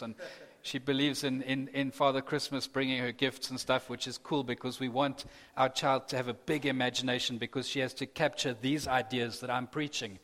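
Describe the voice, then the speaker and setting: A man's voice: mid-range voice, a bit bright. A man preaching a sermon, earnest and building to impassioned emphasis. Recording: long reverb of a large hall.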